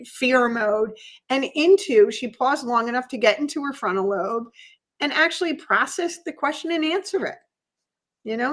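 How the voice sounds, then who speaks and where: Woman podcast co-host, fairly high voice, earnest and explanatory, repeats herself to drive a point home. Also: fairly bright tone. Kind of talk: casual podcast conversation.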